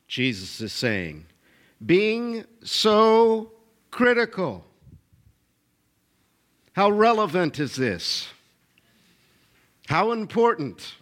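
Male pastor, middle-aged, high tenor, preaching with punchy repetition and call-outs to the crowd. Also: big pitch swings, drawn-out words, long pauses, a bit bright. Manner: emphatic, repetitive, calls for audience responses. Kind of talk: sermon.

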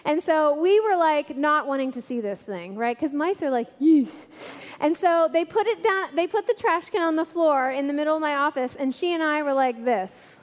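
A woman with a high voice preaches to a congregation and tells stories with animated energy. Her voice rings out with a long reverb in a large hall. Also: moderate pace, hardly any pauses. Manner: animated storyteller, laughing through funny bits. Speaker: church speaker. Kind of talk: sermon with storytelling.

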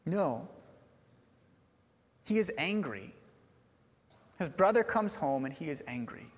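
Slow and sing-song, a high-voiced preacher delivers his sermon in an earnest, searching way. The church sanctuary gives his speech a long, echoing reverb.

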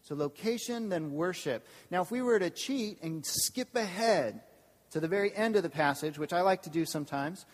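A man preaching as a campus pastor, lively and engaging, often asking the congregation questions. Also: high voice, moderate pace. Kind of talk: sermon. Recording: long hall reverb.

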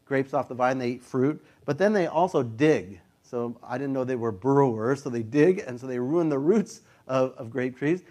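A middle-aged pastor preaching in an easy, talky style. He is a man in his fifties with a voice of average pitch, and he now and then slips into the voices of the people he quotes. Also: moderate pace, few pauses, a little mellow. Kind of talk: sermon.

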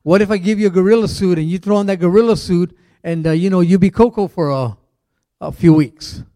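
A man's voice: fairly quick, mellow, no echo, natural voice. A man voicing a zoo manager who coaxes a job seeker into an odd deal, in a persuasive, salesy way. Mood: coaxing. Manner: coaxing, persuasive salesman pitch. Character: brisk middle-aged male zoo manager.

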